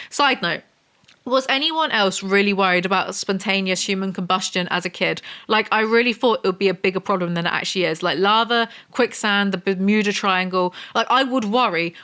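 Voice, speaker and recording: A woman's voice: medium pitch, fairly quick, bright, forceful tone. A woman giving a comedic book review, sarcastic and exasperated, with rambling asides.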